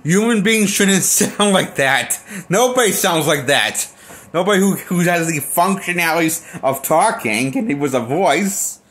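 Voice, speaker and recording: A man's voice: high-pitched, expressive, measured pace, fairly bright tone. A man giving a casual film review as a movie critic, blunt and profane, rambling and restarting his sentences often.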